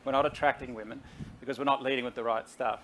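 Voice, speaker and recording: A man's voice: medium pitch, quick pace. Middle-aged man, medium voice, persuasive guest speaker who talks straight to the crowd, faint hiss behind. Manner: energetic, persuasive, talks to the audience directly. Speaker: guest CEO. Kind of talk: conversational stage interview.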